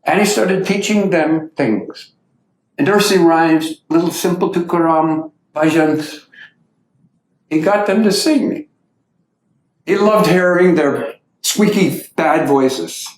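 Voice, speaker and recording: A man's voice: on the high side, slow. Man telling stories in an echoey hall. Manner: lively anecdotal storytelling with acted quotes. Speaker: speaker giving a talk. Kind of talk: storytelling lecture. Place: meeting hall.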